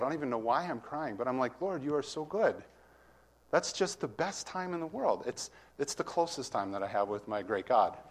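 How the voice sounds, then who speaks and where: Conversational male preacher. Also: mid-range voice. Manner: conversational, asks the congregation questions; reads scripture with rising emphasis. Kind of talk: verse-by-verse sermon.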